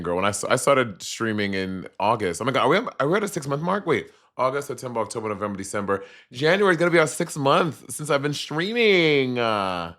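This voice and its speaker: A man with a Caribbean accent chatting sassily to viewers on a casual live stream. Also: medium pitch. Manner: sassy, animated, chatty with viewers.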